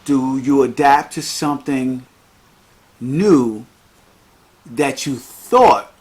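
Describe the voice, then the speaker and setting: Man, 50s, podcast host, unscripted monologue, rambling, chatty, mid-pitched voice. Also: drawn-out words, a little mellow. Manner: chatty, rambling, laughs easily.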